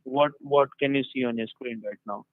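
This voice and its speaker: A man's voice: medium pitch, fairly even intonation, normal speed, no room sound, phone-quality sound. Insistent male phone agent, dry sound. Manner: insistent, repetitive instructions. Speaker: scam call-center agent. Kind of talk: phone call.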